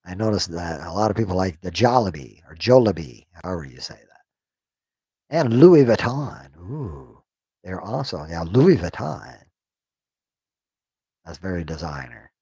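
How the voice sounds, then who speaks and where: A man reading a text aloud on a stream, sounding out unfamiliar words haltingly and joking to himself. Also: low-pitched, a little mellow, husky, no echo. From United States. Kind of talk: casual reading aloud on a livestream.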